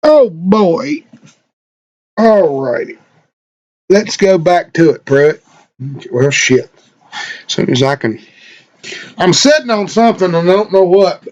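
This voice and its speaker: A man's voice: high-pitched, animated, slow, pauses often, a little mellow, lo-fi sound. A man streaming a game live, chatting casually and rambling to himself with plenty of profanity while he sets up.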